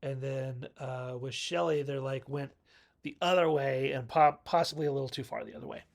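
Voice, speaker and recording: A man's voice: medium pitch, normal speed, gravelly. Man, movie reviewer, casual recap, chatty storyteller, acts out lines, mid-range voice.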